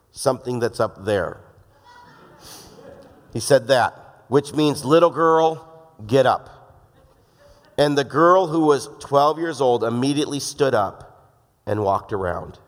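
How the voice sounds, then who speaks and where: Pastor preaching in a reverberant hall. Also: male voice, medium pitch. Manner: conversational and joking, acts out quoted voices. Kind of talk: sermon.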